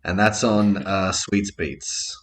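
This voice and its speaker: A man's voice: deep voice, fairly even intonation. A man appearing as a podcast guest, chatting casually with enthusiasm and casual swearing. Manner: enthusiastic, swears casually, talks in quick bursts. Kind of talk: casual chat.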